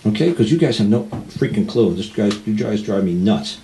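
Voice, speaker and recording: A man's voice: lowish voice, lively intonation, brisk, mellow, poor audio. A man telling a rambling, blunt story in a casual way and acting out the people he quotes.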